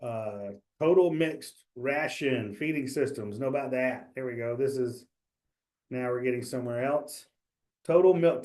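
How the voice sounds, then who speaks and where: A man's voice: medium pitch, darkish tone. Chatty man teaching an exam prep webinar. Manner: loose, chatty, joking, many fillers and restarts.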